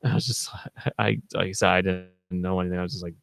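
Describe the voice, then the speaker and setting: A man's voice: low-pitched, steady tone, quick pace, vocal fry, a bit bright, no room sound, studio quality. A man co-hosting a vlog, telling a long story in a laid-back, rambling way with lots of fillers. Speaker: channel co-host.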